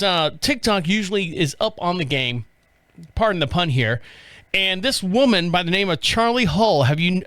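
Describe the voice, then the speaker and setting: A man with a fairly high voice hosts a podcast, rambling off the cuff and cursing casually as he reads and riffs. The sound is dry and close, with no room echo. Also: fairly bright tone, clear, resonant tone. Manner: rambling, off-the-cuff, swears freely. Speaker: podcast host. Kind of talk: casual commentary.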